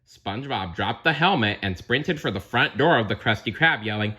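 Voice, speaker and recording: A man's voice: mid-range voice, expressive, normal speed, hardly any pauses, pushed and bright, slightly rough. A man reading a storybook aloud, dropping in chatty asides to the listener. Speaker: narrator.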